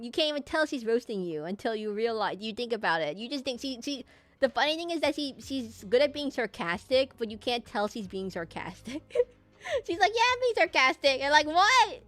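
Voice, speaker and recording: A woman's voice: a little high, lively intonation, brisk, a bit bright, no echo. Giggly woman streamer chatting to viewers. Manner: rambling, laughing, talking to chat. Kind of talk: casual gameplay stream chat. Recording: game music behind.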